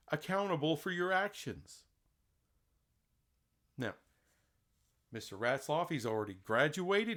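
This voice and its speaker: A man's voice: fairly high pitch, a bit bright. A man giving opinionated solo commentary on college sports, emphatic and indignant, full of rhetorical questions. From Texas.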